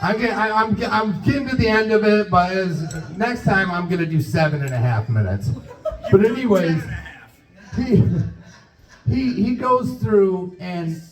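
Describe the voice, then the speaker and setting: A man's voice: high-pitched, unhurried, faint music behind. A man doing stand-up, telling a rambling, profane story and acting out both sides of the conversation. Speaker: stand-up comedian. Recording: roomy, distant, dull club recording.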